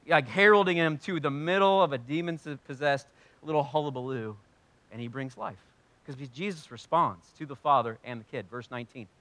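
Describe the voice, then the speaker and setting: A man preaching a sermon in an animated way, swinging from loud, emphatic lines to quiet, low ones. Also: dry recording. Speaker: pastor.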